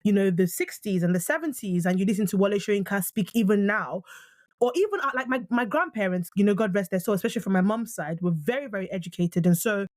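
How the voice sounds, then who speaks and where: A woman in her thirties with a British accent, co-hosting a casual podcast chat, animated, with quick asides and restarts. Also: mid-range voice, dry recording, clean studio sound. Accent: British English. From Nigeria. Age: 30s. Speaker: podcast co-host.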